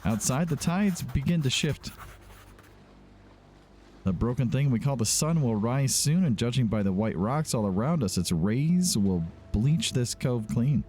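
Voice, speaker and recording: A man's voice: mid-range voice, expressive, a little slow, warm tone, a little hiss or hum. A man casually hosting a let's-play video, reading the game's text aloud with chatty asides. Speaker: gaming video host.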